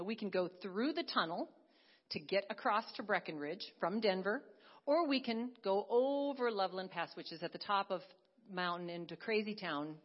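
A woman giving an earnest sermon testimony, swinging from hushed to emphatic. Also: medium pitch, muffled recording. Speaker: preacher.

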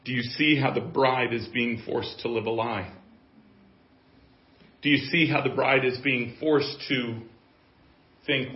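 A man preaching a sermon as pastor, moving from quiet, musing asides to loud, emphatic declarations. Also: medium pitch, fairly even intonation, slow, long pauses. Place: church. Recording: echoey, muffled church audio.

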